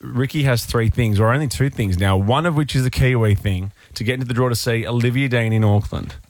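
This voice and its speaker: A man's voice: medium pitch, brisk. An Australian man co-hosting a radio show, chatting playfully with callers and teasing himself. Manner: playful, self-mocking. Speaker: radio co-host. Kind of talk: breakfast radio banter with callers.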